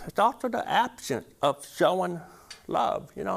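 A man's voice: on the high side, sing-song, moderate pace, creaky, fairly bright tone. A man preaching a sermon as pastor, impassioned, repeating words and rising to emphatic peaks.

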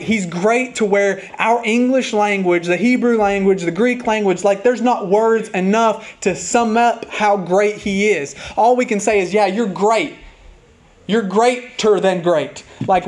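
A man preaching a sermon as pastor, speaking earnestly and openly about a hard week, at times reading hymn lines slowly and softly. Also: sits high.

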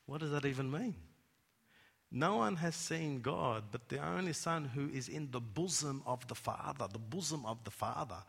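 A man preaching a sermon, dropping to hushed tones and rising to loud emphatic cries. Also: mid-range voice, lively intonation, normal speed, gravelly, hardly any pauses, breathy edge. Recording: long hall reverb.

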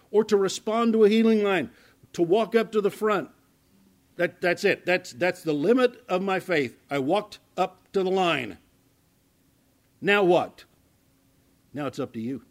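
A male pastor delivers sermon-style Bible teaching with a voice that sits a little higher than most men's. He talks conversationally and restarts his words often. He swings from loud emphasis to hushed, quiet asides.

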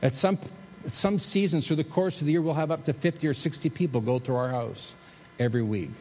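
A man preaching a sermon as a pastor, shifting between emphatic rises and soft, slowed drops. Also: fairly high pitch. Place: church sanctuary. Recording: reverberant hall with faint noise.

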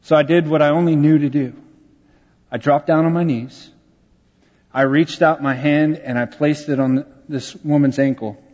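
A man's voice: mid-range voice, fairly even intonation, moderate pace, a little mellow, big-room sound, dull audio. A man, a pastor telling a personal story in a conversational, self-deprecating sermon. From Texas, USA.

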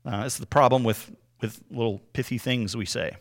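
A man with a mid-pitched voice talks through points of Scripture in a relaxed, conversational teaching style. He is earnest and explanatory, often tagging his points with a quick "right?" to check in with his listeners. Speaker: Bible teacher.

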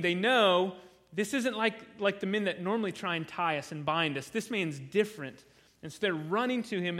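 A man's voice: sits high, fairly bright tone. A man preaching a sermon through a Bible passage, earnest and conversational, often repeating words as he restarts a sentence.

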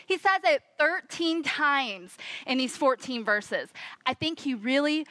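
A woman preaching a sermon, expressive, acting out the quoted voices of the scene. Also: sits high, takes it slowly, no room sound.

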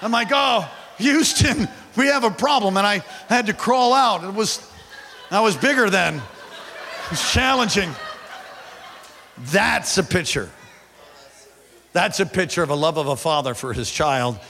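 In a high, bright voice, a male pastor preaches through a large, reverberant church hall, telling stories with animated energy and shouting at the peaks. He keeps calling on the congregation to respond. His pace is a little slow with long pauses, and there's a little hiss or hum.

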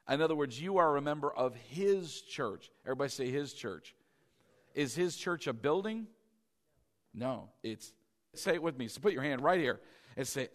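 A man's voice: on the high side, lively intonation, moderate pace. A male pastor preaching a sermon, leading the congregation to repeat a prayer and answer back. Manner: leads congregation in call-and-response prayer. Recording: long church hall reverb.

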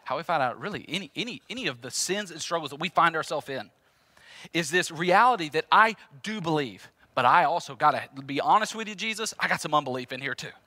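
A man's voice: a little high, animated, quick pace, bright, forceful tone, no room sound. A man pastor preaching a sermon in an emphatic, repetitive, conversational way.

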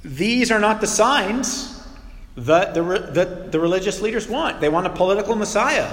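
A man preaches in an animated, conversational style and now and then bursts into acted outbursts. His voice sits a little on the high side. The sound rings around a roomy hall with a long reverb. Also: normal speed. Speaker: pastor. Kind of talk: sermon.

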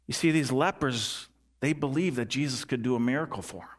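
With earnest intensity, a male pastor works through his sermon, repeating crucial lines and easing into a quiet, low voice to drive them home. He talks fairly quickly.

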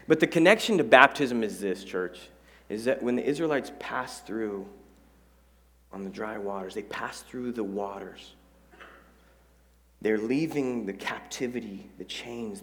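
A male pastor preaching in church, in a conversational way with joking asides, repeated key phrases and questions to the congregation. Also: fairly low pitch. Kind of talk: sermon.

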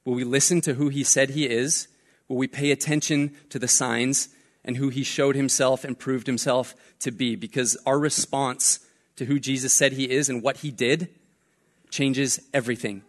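A man's voice: medium pitch, normal speed. Laid-back young male pastor. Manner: relaxed storytelling with fillers and jokes. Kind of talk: casual conversational sermon.

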